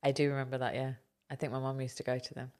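Low-voiced British woman, playfully indignant. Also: monotone, rapid-fire, a little mellow. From Britain. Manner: playful, mock-indignant, chatty. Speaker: organizing expert, co-host. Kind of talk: casual chat.

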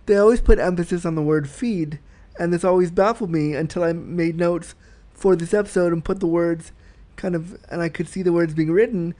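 A man's voice: fairly high pitch, normal speed, darkish tone. A man hosting a solo podcast, talking frankly and reflectively as he explains his thoughts at length. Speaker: podcast host.

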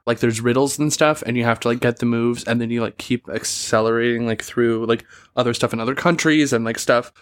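A man's voice: medium pitch, steady tone, a little fast, hardly any pauses, clean tone. A young man with a mid-range voice, co-hosting a casual podcast chat. He rambles and jokes, filling gaps with "like" and "um". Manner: rambling, joking, filler-heavy. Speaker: podcast co-host.

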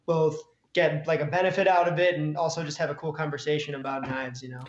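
A man's voice: a little high, flat delivery, fast talker, dull audio, slight background noise. Laid-back guy in an echoey room. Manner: laid-back, says "dude" and "man". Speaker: YouTube cooking creator, guest. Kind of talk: casual podcast chat.

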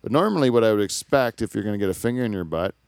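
A man's voice: on the low side, animated, rapid-fire, a little mellow, dry recording, clean studio sound. Rambling, crude man telling a story. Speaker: podcast host. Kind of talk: casual comedic chat.

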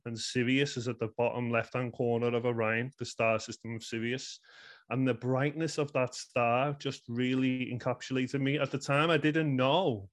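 A man in his thirties with a Liverpool accent, earnestly telling a personal story in a rambling way, full of "you know" fillers. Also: medium pitch. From England. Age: 30s. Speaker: guest.

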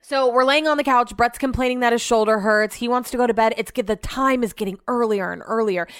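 A woman's voice: on the high side, fairly quick, hardly any pauses, smooth, dry recording, clean studio sound. A young adult woman hosting a podcast, telling a story in a chatty, exasperated way and swearing freely. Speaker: podcast host. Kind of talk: casual storytelling monologue.

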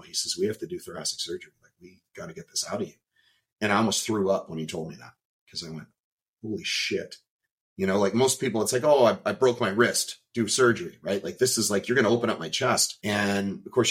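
A man, a podcast guest, telling a personal story in an emphatic, animated way, with some swearing. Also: on the low side. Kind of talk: storytelling in an interview.

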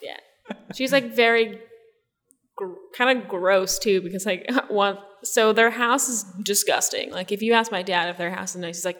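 A woman's voice: mid-range voice, moderate pace, fairly bright tone, long reverb tail. A young woman from the Jersey Shore, telling stories in a casual interview, rambling, laughing and saying "like" often. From New Jersey Shore. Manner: rambling, laughing storyteller, many likes. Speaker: guest.

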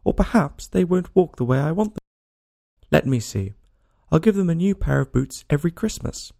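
A man's voice: on the high side, animated, normal speed, creaky, mellow, voice pushed up. A man reading a storybook aloud and voicing a small curious girl who talks to herself in a rambling, worried way. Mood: fretting.

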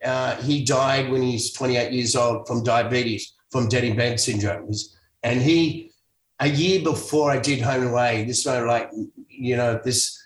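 He speaks at medium pitch with a steady tone and measured pace. This middle-aged Australian actor, a guest in an easygoing interview, tells wandering stories full of restarts and self-corrections, captured by a distant mic in an echoey room.

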